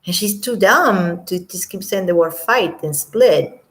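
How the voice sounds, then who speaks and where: A woman giving casual commentary on an audio clip, rambling and sometimes dropping to a quiet near-whisper. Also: mid-range voice, expressive, unhurried.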